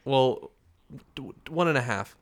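A man playing a tabletop role-playing game in a casual, excitable way. He jokes between moves and talks about what his character does. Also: medium pitch, normal speed. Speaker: player.

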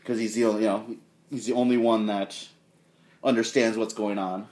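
This podcast co-host has a fairly low voice and a moderate pace. Reviewing films in a relaxed way, he recounts scenes with animation and acts out quotes, all recorded in an echoey space.

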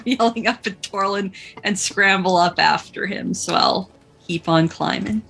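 A woman playing a tabletop game, describing her moves in a hesitant, halting way. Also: medium pitch, fairly even intonation, vocal fry, a bit bright.

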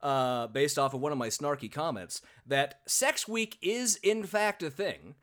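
Lively, bright-voiced male podcast host. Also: a little high, a little slow. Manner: chatty, self-deprecating, lots of filler words. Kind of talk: casual podcast chat.

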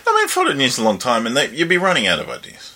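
A man's voice: huge pitch swings, fast, bright, forceful tone. A man from Australia, co-hosting a podcast in rambling casual chat. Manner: rambling, jumps to high pitch when quoting people. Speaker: podcast co-host.

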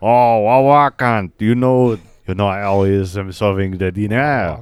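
A man voicing a smug French caterer in improvised podcast comedy, with a put-on French accent and theatrical, drawn-out exclamations. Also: fairly low pitch, smooth, no room sound, close to an everyday voice. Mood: pompous. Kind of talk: improvised comedy role-play.

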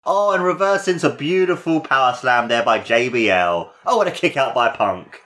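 A man giving casual, excitable play-by-play commentary on a wrestling match, his voice jumping up at big moves and swearing now and then. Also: mid-range voice, moderate pace.

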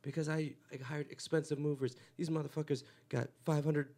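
A man's voice: on the high side, little pitch movement, a little fast, mellow. A young adult man from Los Angeles, a comedian hosting a podcast, rambling and profane in casual comic chat. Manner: rambling, profane, jumps into mocking impressions.

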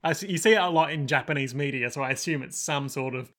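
A man's voice: mid-range voice, sharp tone. A man casually recapping an anime with a friend, laughing often and acting out lines. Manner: laughs often, quick asides, acts out lines.

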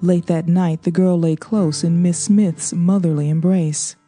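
A woman narrating a novel as an audiobook, reading in a steady, measured way. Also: lowish voice. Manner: steady, even, measured storytelling. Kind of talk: scripted narration.

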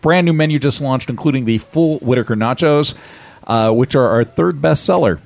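A man co-hosting a comedy podcast, joking in a deadpan way. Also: medium pitch, moderate pace, creaky. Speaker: podcast co-host. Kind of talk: casual comedic banter.

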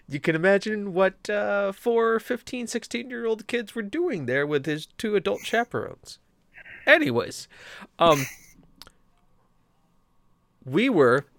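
A young man co-hosting a gaming podcast, telling stories in a casual, animated, rambling way with many restarts. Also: mid-range voice, dry recording, studio quality. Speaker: podcast co-host. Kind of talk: casual storytelling chat.

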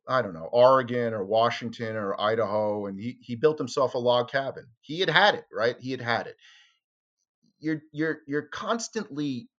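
Animated male storyteller on lo-fi audio. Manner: animated, acts out quotes with sharp jumps in pitch. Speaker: interview guest, former tabloid reporter. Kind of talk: conversational storytelling.

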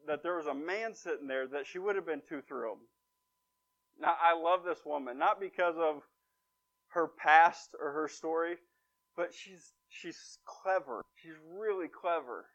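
A man delivers a casual sermon, retelling an old story with dry humor and emphatic asides. His voice sits a little high for a man. The recording is dull and lo-fi. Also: a bit bright. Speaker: preacher. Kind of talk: conversational sermon.

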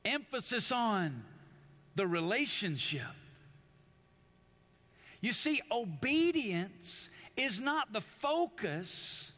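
A man's voice: sits high, big pitch swings, extremely slow, long pauses, pushed and bright. A man preaching a sermon as pastor, speaking emphatically, repeating and restarting phrases, and putting questions straight to his congregation. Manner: addresses the congregation directly with questions.

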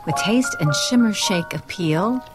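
A woman's voice: mid-range voice, lively intonation, unhurried, over loud music, lightly acted. A woman singing a cheerful vintage advertising jingle. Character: cheerful 1950s ad jingle singer.

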